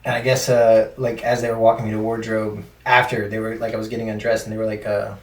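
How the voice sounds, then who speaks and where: Man rambling guest, quick and low. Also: little pitch movement, recorded from a distance. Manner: rambling, filler-heavy storytelling. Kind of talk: casual chat. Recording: roomy sound from off mic with background noise.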